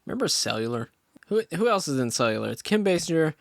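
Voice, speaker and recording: A man's voice: a little high, very animated, fast, gravelly, no room sound, clean studio sound. A young man hosting a casual film podcast, joking and self-deprecating, laughing often. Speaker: podcast host. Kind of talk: casual film review banter.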